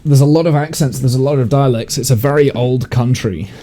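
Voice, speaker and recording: A man's voice: mid-range voice, brisk, dark tone, slight background noise. A man from the English Midlands, with received pronunciation and a northern tinge, chatting casually on a game stream and thinking aloud with lots of fillers and restarts. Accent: English, received pronunciation mixed with Midlands/northern. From Midlands of England. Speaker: live streamer reading chat. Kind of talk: casual chat while gaming.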